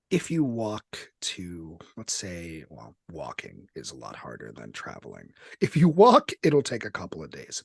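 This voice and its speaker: A man narrating a tabletop role-playing game as game master, describing scenes with lively fillers. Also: low-pitched, creaky, husky, no room sound, studio quality.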